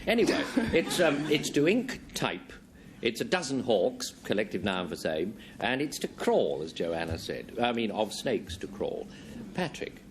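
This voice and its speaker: A man hosting a panel game show, dry and wry, with a brisk delivery. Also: fairly low pitch, sing-song, noisy background. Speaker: quiz show host.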